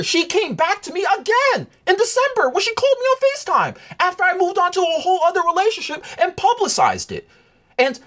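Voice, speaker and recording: A man's voice: sits high, a bit bright. An emotional, upset man telling a personal story to his viewers in a casual, rambling, agitated way. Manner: agitated, rambling, restarts often.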